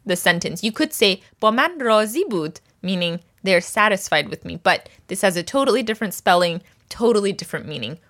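A woman teaching a language lesson, patiently breaking phrases down and repeating each word slowly for learners. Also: lowish voice, a bit bright.

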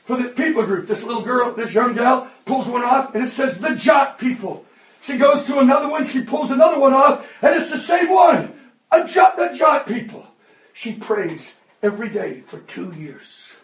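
A man in his fifties preaching a sermon, impassioned and often shouting. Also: very high voice, expressive, moderate pace. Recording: echoey hall, distant mic.

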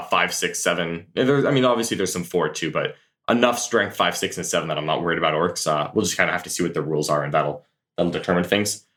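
Deep-voiced man answering interview questions. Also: a bit bright. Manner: thoughtful, earnest, with many fillers and restarts. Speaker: guest tabletop tournament player. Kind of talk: casual podcast interview answers.

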